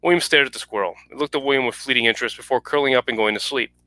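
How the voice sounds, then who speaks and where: Man, author reading fiction at an online launch, quick bright delivery. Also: medium pitch, no room sound. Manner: brisk, clipped reading with small restarts. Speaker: author reading his story. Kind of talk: reading fiction aloud at a virtual book launch. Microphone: home video call mic.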